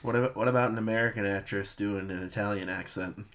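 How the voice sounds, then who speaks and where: Low-voiced man with joking asides. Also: steady tone, quick pace, background noise. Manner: joking, brief interjections. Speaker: film podcast co-host. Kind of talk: casual chat.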